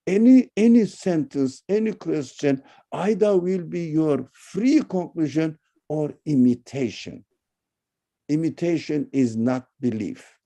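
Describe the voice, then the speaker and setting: A man giving an online religious lecture and answering questions, emphatic, with loud high-pitched bursts and halting non-native phrasing. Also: expressive, creaky.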